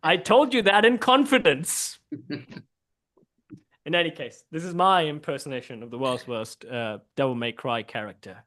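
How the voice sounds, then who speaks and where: A man's voice: fairly high pitch, moderate pace, fairly bright tone. A man hosting an online improv game in a costume persona, playful and laughing, over a video call. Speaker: improv host.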